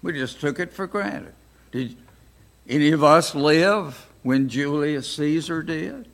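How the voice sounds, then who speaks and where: An older American man teaching a Bible study class, speaking slowly and deliberately with frequent pauses. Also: on the high side, expressive, gravelly, a bit bright. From United States. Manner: slow, deliberate, pausing often.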